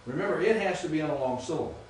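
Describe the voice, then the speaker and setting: A man's voice: on the high side, lively intonation, racing, distant mic, slight background noise. A man teaching a classroom lecture, patient and often checking that students understand. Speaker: Greek teacher. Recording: echoey room recorded from afar.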